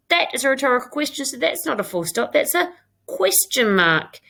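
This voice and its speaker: A woman's voice: high voice, sing-song, moderate pace, creaky, sharp tone. British woman teaching a children's lesson. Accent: British English. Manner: reads her own writing aloud, then talks it through step by step. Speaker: primary school teacher. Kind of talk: recorded online English lesson.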